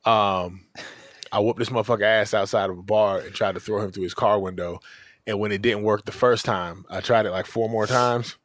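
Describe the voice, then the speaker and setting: A man's voice: moderate pace, no room sound, studio quality. A man co-hosting a podcast, telling casual stories with loose, profane talk and big jumps in voice when he quotes people. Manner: animated, acts out quotes with big pitch jumps. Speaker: podcast co-host. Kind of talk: casual storytelling.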